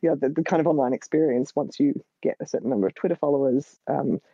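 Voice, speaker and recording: A woman's voice: deep voice, steady tone, fast talker, gravelly, warm tone, husky, no echo. An Australian woman, a guest writer, chatting casually in a rambling, hesitant way full of ums, on a dull lo-fi recording. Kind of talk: casual chat. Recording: dull lo-fi sound.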